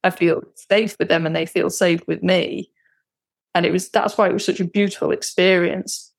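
A woman's voice: fairly low pitch, steady tone, normal speed, vocal fry, no room sound. A woman, a guest talking candidly and reflectively about her experience, with hesitant restarts. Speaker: guest, client. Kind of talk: personal conversation.

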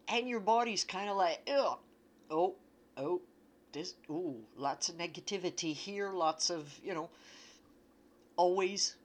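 A woman from Canada, talking casually and bluntly about self-trust, swearing freely and acting out inner voices. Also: lowish voice. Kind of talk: casual self-help talk.

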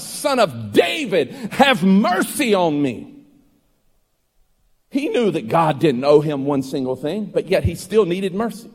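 A man preaching a sermon as pastor, building to loud, ringing emphasis. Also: on the high side, husky. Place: church sanctuary. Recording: long hall reverb with faint music.

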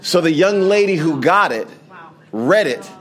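A man's voice: a little high, expressive, measured pace, a bit bright. A male pastor giving a conversational sermon that builds to emphatic preaching before a congregation. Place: large hall with a congregation. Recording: crowd audible in a large hall. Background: congregation responding.

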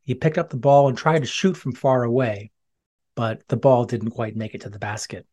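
A storyteller giving gentle, expressive children's storybook narration. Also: medium pitch, normal speed.

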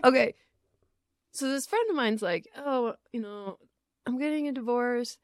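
A woman co-hosting a podcast in casual chat, animated, laughing often and swearing freely into a studio microphone. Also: on the high side, measured pace. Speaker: podcast co-host.

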